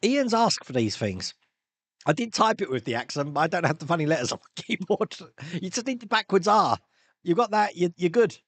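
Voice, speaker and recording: A man's voice: high voice, big pitch swings, a little fast, dry recording. A man hosting a live stream, chatting casually and rambling through viewer comments with frequent laughs and restarts.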